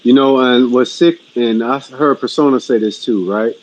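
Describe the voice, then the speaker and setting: A man's voice: mid-range voice, moderate pace, a little mellow. A man in casual podcast chat, laid-back and chiming in. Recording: dull lo-fi sound.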